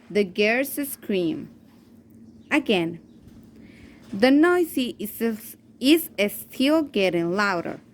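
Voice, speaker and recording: A woman teacher reading a children's story aloud in a careful, halting way, repeating and correcting words as she goes. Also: fairly high pitch. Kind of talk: reading a story aloud slowly, then in Spanish.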